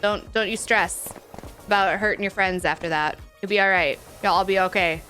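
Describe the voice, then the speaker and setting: Pushed and bright, her medium-pitched voice stays fairly even in intonation at a moderate pace, with faint music in the background. She's streaming a game and reading chat, chatting candidly and playfully with viewers like friends and laughing often.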